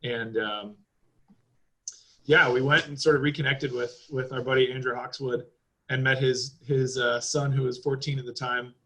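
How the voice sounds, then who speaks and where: A man's voice: medium pitch, steady tone, normal speed, pushed and bright, low-quality recording. A man on a podcast as a guest, chatting casually in a rambling way, with lots of fillers and loose swearing. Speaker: podcast guest, driving school owner.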